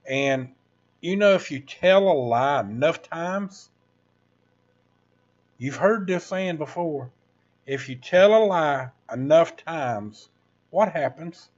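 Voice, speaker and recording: A man's voice: a little high, lively intonation, slow, long pauses, highs cut off. A man, ranting casually to viewers on his livestream in a rambling, preachy way. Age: 60s. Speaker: livestream host.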